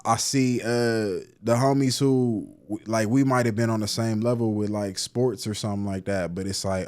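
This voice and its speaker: This thirties-aged guest from Cleveland, Ohio, works as a therapist and poet, and his storytelling in a relaxed interview is slangy and packed with false starts and filler words. His voice sits fairly low with a darkish tone, fairly even intonation, and a moderate pace with few pauses.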